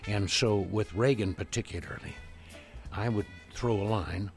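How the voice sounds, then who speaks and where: An older man from Canada, a guest impressionist, telling lively show-business anecdotes by phone on a radio interview. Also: fairly low pitch, measured pace, vocal fry, faint music behind. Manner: lively, animated storyteller who slips into other voices. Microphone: telephone call-in.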